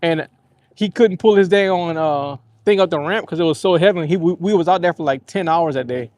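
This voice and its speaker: A man's voice: a little high, fairly quick, a little mellow. Laid-back man chatting while fishing. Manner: rambling, laid-back storytelling with easy laughs. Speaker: fishing livestream host. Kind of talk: casual live-stream chat. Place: outdoors on a lake, fishing from a kayak.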